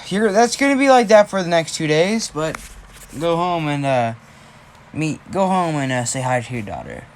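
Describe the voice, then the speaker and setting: A man voicing a calm young male hero making a dark deal, in a flat, matter-of-fact way. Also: fairly high pitch, normal speed, slight background noise, natural voice.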